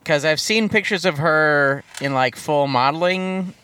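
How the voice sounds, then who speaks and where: A man co-hosting a casual comedy podcast, reacting quickly and laughing easily. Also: on the high side, pushed and bright, smooth. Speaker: podcast co-host.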